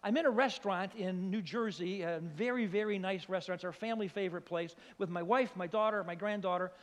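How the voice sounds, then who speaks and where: Animated older male preacher, echoing hall. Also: high-pitched, brisk. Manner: animated comic storytelling, acts out voices. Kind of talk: storytelling sermon. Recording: long hall reverb.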